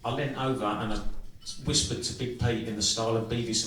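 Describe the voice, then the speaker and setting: Male comic, stage storytelling, crude and dry, mid-pitched, live club, echoey and distant. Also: fairly even intonation, over a noisy crowd. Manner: crude and swearing, dry and unhurried. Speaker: comedian and singer. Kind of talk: stand-up storytelling. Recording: echoey club room from far off with music.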